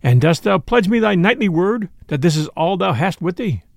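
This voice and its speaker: Man reading as a jolly outlaw leader, bold and merry, archaic courtly speech, gravelly voice. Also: high voice, expressive, normal speed, dry recording, clean studio sound.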